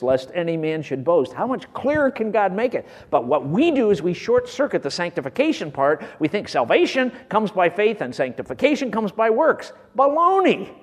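A man preaching a sermon with great passion, swinging from loud bursts down to near whispers. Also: sits high, in a large hall.

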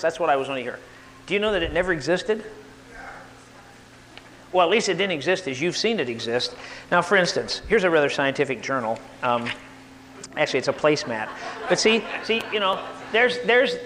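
A man lectures to a live audience with a high, lively voice that rises and falls all over the place, getting worked up and throwing questions at the crowd. His voice carries a long hall reverb, with a faint hum underneath. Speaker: speaker at a live talk.

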